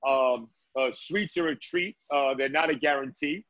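A man's voice: mid-range voice, normal speed, fairly bright tone, no room sound, dull audio. A man, a guest chef from Brooklyn, chatting casually on a video call from his restaurant, telling stories with many "uh"s and "right?"s. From Brooklyn, New York.

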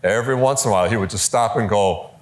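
Lively man giving a conference talk. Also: fairly low pitch, quick pace. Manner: conversational, lively, with quoted voices and fillers. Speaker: speaker teaching preachers.

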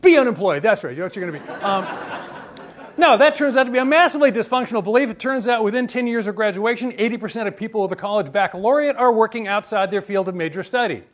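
A man's voice: high voice, quick pace. A man giving a humorous university lecture, joking and quizzing his audience. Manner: lively and joking, asks the audience questions.

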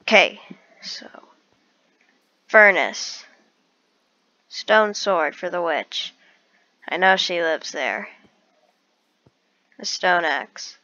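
A woman's voice: on the low side, expressive, drawn-out words, long pauses, bright, forceful tone, no echo. A woman talking to herself as she plays a survival game, describing each step she takes. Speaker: gamer narrating her own play. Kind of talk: casual let's-play commentary. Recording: dull lo-fi recording.

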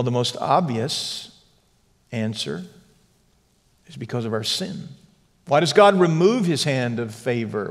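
A man teaching a church Bible class, emphatic, dropping to a hush on key lines. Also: medium pitch, in a large hall. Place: church hall.

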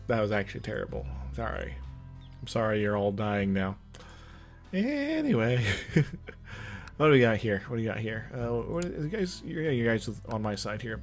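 A young man talking his way through a strategy game in a loose, rambling let's-play style, his pitch jumping around animatedly. He mumbles, hums little tunes and chuckles to himself between thoughts. Soft guitar music plays faintly underneath. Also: vocal fry. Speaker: gameplay commentator. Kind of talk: casual let's-play commentary. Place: indoor room with loud trucks outside.

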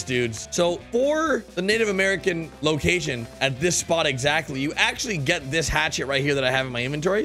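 A young man giving excitable gameplay commentary, calling out to his viewers and exclaiming at what he finds. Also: on the high side. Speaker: gaming YouTuber.

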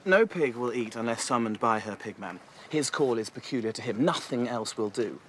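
An actor playing a confident young suitor who lectures in a self-assured way. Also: male voice, medium pitch, animated, moderate pace, a little hiss or hum, natural voice. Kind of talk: period TV comedy acting.

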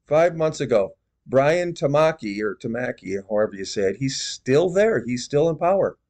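A man giving measured, disapproving commentary on religious video clips. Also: medium pitch, very animated, darkish tone.

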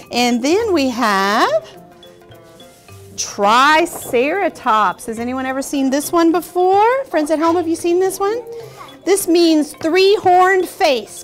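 A young woman hosting a children's show, teaching young kids in a patient, encouraging way and asking them questions. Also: sits high.

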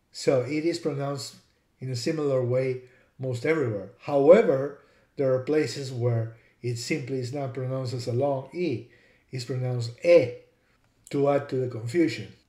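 A man's voice: medium pitch, moderate pace, mellow, echoey room. A man teaching a lesson, spelling out words and repeating sounds to demonstrate. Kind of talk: explanatory lesson.

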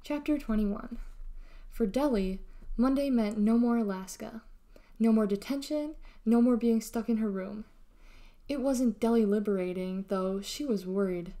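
Female storybook reader, mellow tone, steady and expressive. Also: on the high side, a little slow. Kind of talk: reading a children's novel aloud.

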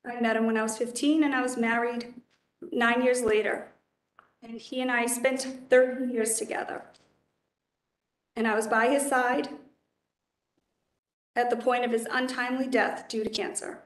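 Nominee, woman in her forties, steady and flat, slightly high voice, echoey hearing room. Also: normal speed, pauses often. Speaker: judicial nominee. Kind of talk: formal testimony at a public hearing. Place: council hearing chamber.

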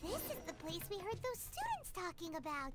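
A squeaky chirpy game sprite. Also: female voice, huge pitch swings, brisk, full character voice. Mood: curious. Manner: chirpy, curious. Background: game music.

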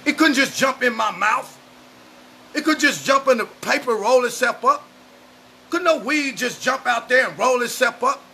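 Fiery high-voiced gravelly male preacher. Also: moderate pace, a little hiss or hum. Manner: loud and emotional, often shouting. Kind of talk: fiery street sermon to camera. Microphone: camera mic, speaking to camera.

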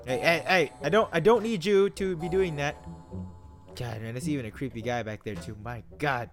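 Excitable young gamer, lively pitch. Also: male voice, a little fast, faint music behind. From Philippines. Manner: excitable, jokey, yelps when startled. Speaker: gaming YouTuber. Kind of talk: horror game commentary.

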